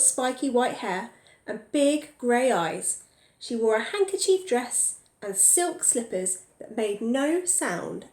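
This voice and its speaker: A woman teacher reading a picture book aloud to young children, pausing to ask them questions. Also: fairly high pitch, a little mellow, reverberant.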